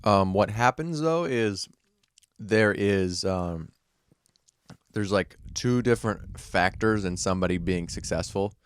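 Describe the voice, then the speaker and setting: Deep-voiced American man hosting a podcast. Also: unhurried, smooth, no echo, studio quality. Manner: hesitant, frequent ums, rephrases questions. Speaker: podcast co-host. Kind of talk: casual podcast chat.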